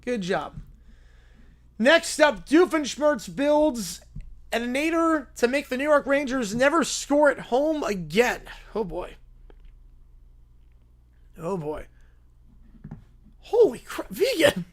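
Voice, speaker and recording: A man hosting a live stream who reads out stories and reacts with excitement and laughter. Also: very high-pitched, slow, long pauses. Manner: animated, laughing. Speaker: streamer host.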